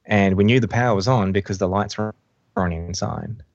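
Male pilot guest, deep monotone, muffled dry recording, hesitant storytelling. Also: no room sound. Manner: halting, many fillers and restarts. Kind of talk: recounting a rescue story. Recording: dull lo-fi dry sound.

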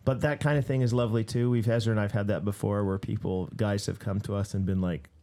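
A man's voice: lowish voice, fairly even intonation, fast, dark tone. A man and ministry leader chatting casually with friends, rambling with many restarts and telling stories with laughs. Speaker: ministry leader and podcast co-host. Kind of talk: casual chat.

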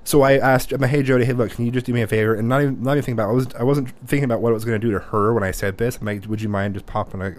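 Young guy ranting through a family story, lots of swearing, loud acted-out quotes. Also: mid-range voice, racing, hardly any pauses. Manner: animated, swears freely, acts out quotes loudly. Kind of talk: casual storytelling chat.

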